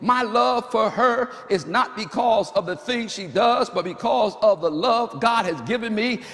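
A male pastor with a high voice preaches with fervor, stacking up repeated phrases. His sermon rings through a church with a long, hanging reverb. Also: unhurried, fairly bright tone. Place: church service.

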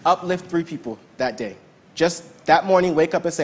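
High-voiced man preaching conversationally. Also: animated, brisk. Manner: conversational, emphatic preaching with repetition. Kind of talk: sermon.

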